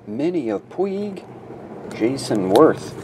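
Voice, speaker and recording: A man's voice: very animated, takes it slowly, background noise. A sleepy man with a runny nose, casually reading out card names during a box break. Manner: reads out names in a low murmur, chatty asides.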